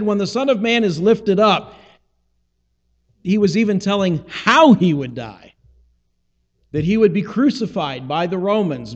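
A man's voice: high-pitched, in a large hall, dull audio. A man preaching a conversational sermon, acting out the lines of biblical dialogue as he retells them. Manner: conversational, acts out scripture dialogue. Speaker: pastor.

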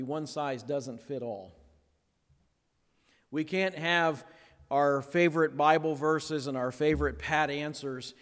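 A man preaching a sermon, pausing for effect and dropping to a near hush on key words, then building again. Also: a little high. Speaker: pastor. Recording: long hall reverb.

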